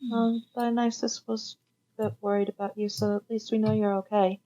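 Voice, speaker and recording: A woman's voice: mid-range voice, level tone, brisk, mellow, lo-fi sound. Wry woman player in a tabletop game. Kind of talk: playing a character in a tabletop game.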